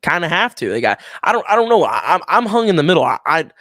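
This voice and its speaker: A fairly high-pitched man co-hosting a sports show, talking in an excitable, animated way and often restarting his sentences. He sits close to a dry microphone with no room sound. It sounds like casual talk between friends. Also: fast, dry recording. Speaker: co-host.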